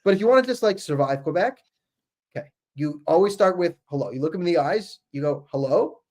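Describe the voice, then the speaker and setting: A man's voice: a little high, animated, quick pace, darkish tone. A man from Canada with a Canadian English accent, co-hosting a podcast in rambling, emphatic casual chat. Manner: rambling and emphatic, repeats himself. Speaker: podcast co-host.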